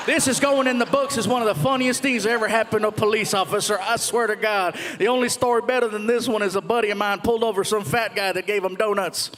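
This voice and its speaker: A man voicing a gruff, amused male highway patrol cop, lowering his voice into a deep, drawling delivery. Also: noisy background, close to an everyday voice.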